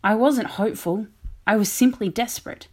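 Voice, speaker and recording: Woman vicar preaching a sermon, reflective and measured, middle pitch. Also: breathy edge.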